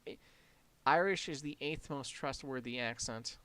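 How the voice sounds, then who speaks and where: Young Canadian guy, light accent, deadpan and wry, casual stream banter. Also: medium pitch, measured pace, smooth, no room sound. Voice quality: flat, deadpan delivery. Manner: wry, sarcastic reactions. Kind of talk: casual gaming stream chat.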